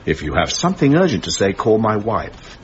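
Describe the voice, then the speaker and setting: An actor playing a dry, sardonic newspaper colleague in a radio sitcom. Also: male voice, fairly low pitch, big pitch swings, a little fast, a little hiss or hum. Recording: dull lo-fi radio recording.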